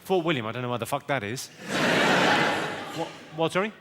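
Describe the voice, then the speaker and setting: Deadpan male stand-up teasing a crowd. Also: medium pitch. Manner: brisk deadpan one-liners, teasing the audience. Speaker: stand-up comedian. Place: comedy venue with a live audience. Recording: loud background noise.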